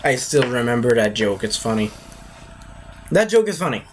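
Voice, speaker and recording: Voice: mid-range voice, very animated, normal speed, a little hiss or hum. A movie reviewer talking in a casual, rambling way, drifting off topic and breaking into silly voices.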